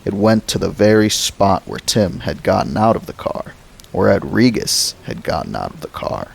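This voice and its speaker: A man reading a thriller novel aloud as a narrator, slow and dramatic. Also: deep voice, creaky, a little mellow, slightly rough, low-quality recording. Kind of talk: audiobook narration.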